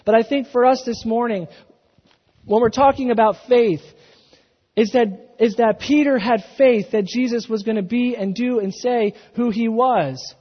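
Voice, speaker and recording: A man's voice: very high-pitched, unhurried, breathy edge. A man preaching a sermon off his notes, restarting phrases and building emphasis as he goes. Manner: unscripted, restarts, rising emphatic delivery. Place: church. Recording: dull, echoing church hall.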